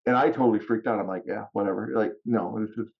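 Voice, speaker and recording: A podcast guest telling personal stories in casual talk, animated and often laughing. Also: male voice, on the low side, quick pace, highs cut off. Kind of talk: casual storytelling.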